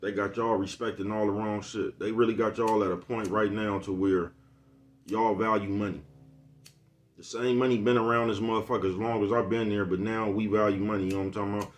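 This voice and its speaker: A man's voice: lowish voice, level tone, a little fast. A man in a casual, rambling vlog monologue, cursing freely and asking "you know what I'm talking about" again and again. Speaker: vlogger.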